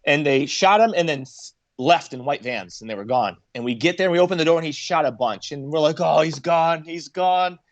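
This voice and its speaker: Man telling stories, high-pitched and dry. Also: moderate pace, few pauses, dry recording, muffled recording. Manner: animated, acts out quotes in raised voices. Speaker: podcast guest, former Marine. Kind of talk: casual storytelling.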